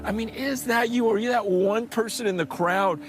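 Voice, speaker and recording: A man's voice: high-pitched, moderate pace. A man preaching a sermon with urgent passion, often repeating words as he presses his point. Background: music.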